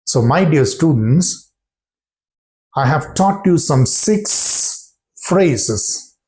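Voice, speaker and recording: Slow, mellow-voiced teacher, man. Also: on the high side, expressive. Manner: repeats phrases and checks understanding with "got it?". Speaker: English pronunciation teacher. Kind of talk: slow, deliberate classroom explanation.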